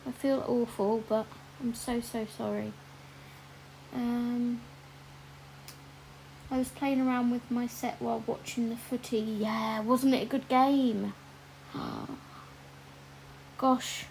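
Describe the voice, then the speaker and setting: A woman's voice: on the high side, steady tone, slow, vocal fry, a little mellow, slight background noise, poor audio. A woman chatting casually while colouring on a livestream, with lots of ums and asides to viewers reading their comments.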